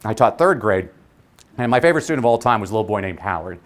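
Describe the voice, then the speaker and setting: Man, keynote speaker; lively, wide-ranging pitch, comic timing, live audience. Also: fast. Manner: animated, humorous, punchy. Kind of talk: motivational conference keynote. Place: conference venue before a live audience.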